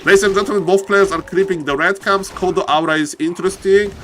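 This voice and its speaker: A man casting a strategy game live on stream, excitable and chatty, often shouting with excitement and thanking viewers by name. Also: quick pace, slight background noise. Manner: excitable, repeats "ladies and gentlemen", bursts into high-pitched shouts. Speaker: game caster. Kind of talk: live-streamed esports commentary.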